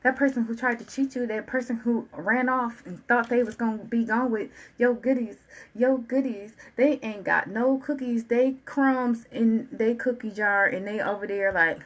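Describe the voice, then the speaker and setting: A woman giving a channeled tarot reading, talking in an animated, colloquial way and repeating phrases in a preaching rhythm. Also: a little high, normal speed, poor audio. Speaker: tarot reader.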